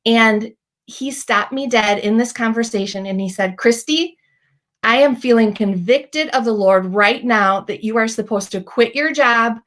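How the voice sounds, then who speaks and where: A woman in her thirties hosting a Christian talk, telling personal stories in a chatty, animated way with many fillers. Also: mid-range voice. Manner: chatty, animated storytelling with many likes and ums. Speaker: Christian podcast host. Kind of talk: faith-based encouragement talk.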